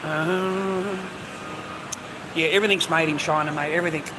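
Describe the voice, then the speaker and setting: A man's voice: on the high side, steady tone, moderate pace. Chatty man streaming outdoors. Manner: chatty, says "mate" often. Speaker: live streamer. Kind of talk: casual live-stream chat. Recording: street and traffic noise.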